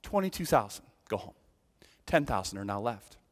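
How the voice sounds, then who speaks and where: A male preacher voicing God as a commanding divine figure giving brisk, emphatic orders. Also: lowish voice, very animated, long reverb tail, voice pushed down.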